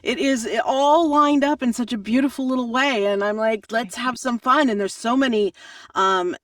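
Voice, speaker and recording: A woman audiobook narrator answering interview questions in a chatty, animated way, often laughing. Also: a little high, normal speed, no room sound, studio quality, recorded from a distance.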